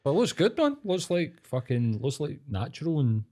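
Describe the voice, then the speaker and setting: A man's voice: on the high side, sing-song, a little mellow. A Scottish man hosting a podcast, chatting casually with plenty of swearing and laughter. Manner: laid-back, sweary, quick to laugh. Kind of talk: casual chat.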